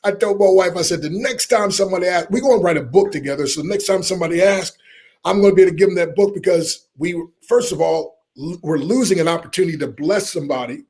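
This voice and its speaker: A middle-aged man, a motivational speaker telling a lively story in an interview and acting out the people in it. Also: high voice, quick pace, slightly rough. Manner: animated storyteller, acts out quoted voices, laughs often.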